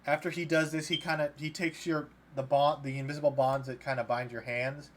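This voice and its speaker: A man's voice: fairly high pitch, level tone, brisk. A man running a tabletop game as dungeon master, narrating loosely with many fillers and restarts. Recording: faint background noise.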